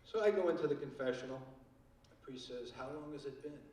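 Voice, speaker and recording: A man's voice: mid-range voice, brisk. An older man doing a stand-up comedy set on a theater stage, telling wry stories with crude punchlines. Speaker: stand-up comic. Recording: echoey theater from far off, loud audience.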